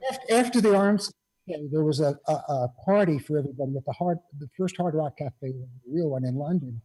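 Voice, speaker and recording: A man's voice: a little high, a little fast, mellow, husky, rough recording. A man, a guest musician, chatting casually over a video call and telling rambling anecdotes full of "you know".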